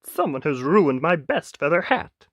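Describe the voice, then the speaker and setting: A woman's voice: deep voice, big pitch swings, measured pace, no echo, studio quality, voice pushed up, heavily acted. A woman voicing a vain, sulky young prince in a storybook, drawn out and dramatic.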